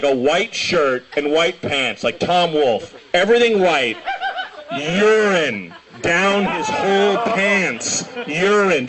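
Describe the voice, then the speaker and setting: A young man doing a stand-up comedy set, telling rambling stories and breaking into shouted impressions. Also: on the high side. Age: young adult. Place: small comedy show venue.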